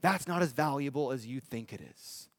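A preacher voicing a fiery male desert prophet who rebukes his critics, his voice rising high and loud. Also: animated, moderate pace, no echo, studio quality, natural voice. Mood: scolding.

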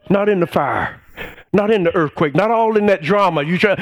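A high-pitched man in middle age delivers a sermon from the pulpit. He breaks into shouted exclamations and calls out to the congregation for a response. He stretches his key phrases out slowly for emphasis. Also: no echo. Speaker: pastor.

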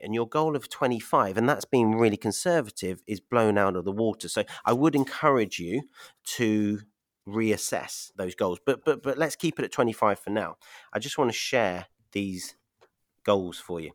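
A man hosts a podcast with a lowish voice, upbeat and quick to laugh. He works through numbers step by step in a casual, encouraging way. The sound is dry and close. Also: no echo. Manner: upbeat, laughs often, explains figures step by step. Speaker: podcast host and property investment mentor.

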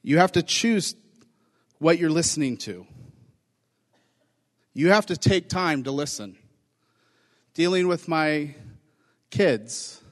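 A middle-aged man as pastor, preaching a conversational sermon and acting out quotes in lively voices. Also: on the high side, in a large hall.

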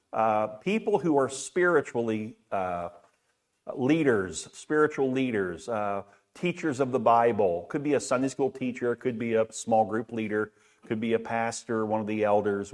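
A man's voice: medium pitch, expressive, measured pace, a little mellow. A middle-aged man preaching a sermon in a conversational way, asking rhetorical questions and often repeating words. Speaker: pastor.

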